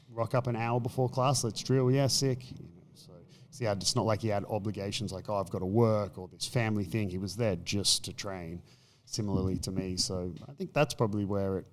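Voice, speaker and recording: An Australian man in a casual chat, telling animated stories and acting out quotes. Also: fairly low pitch. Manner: animated storytelling, acts out quotes. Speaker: podcast guest.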